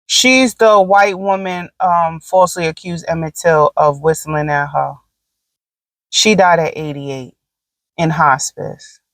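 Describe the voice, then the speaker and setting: A woman's voice: deep voice, fairly even intonation, slow pace, dry recording, rough recording. A woman hosting a solo podcast, talking in a blunt, profane, opinionated way with rambling asides and frequent fillers. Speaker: podcast host. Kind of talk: casual solo podcast monologue.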